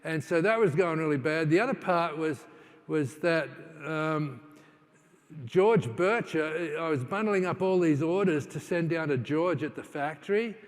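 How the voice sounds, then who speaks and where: A man's voice: a little high, measured pace. A man giving a conference keynote, telling stories in a conversational way with many fillers and restarts, now and then acting out what people said. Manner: acts out quoted dialogue in his stories. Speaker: keynote speaker. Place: large conference hall. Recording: long hall reverb.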